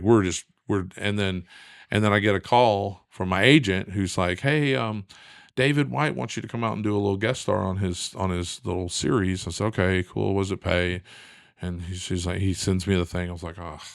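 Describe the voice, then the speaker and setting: A middle-aged man telling a long story in a lively, casual way, acting out the voices of the people in it. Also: lowish voice, gravelly, no room sound, studio quality. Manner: animated, acts out quoted voices. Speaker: guest.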